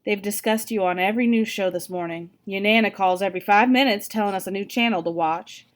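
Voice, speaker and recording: A woman reading aloud, voicing a caring mother who scolds in a brisk, motherly way. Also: medium pitch, lightly acted.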